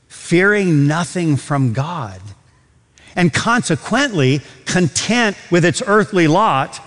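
A man's voice: high-pitched, big-room sound. A man preaching a sermon, emphatic, with rhetorical questions and repeated words. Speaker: pastor.

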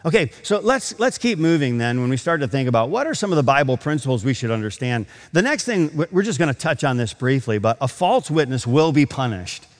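Male preacher, lively pitch, sermon, long hall reverb. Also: quick pace, hardly any pauses. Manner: storytelling with acted quotes, builds to emphatic preaching. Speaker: pastor.

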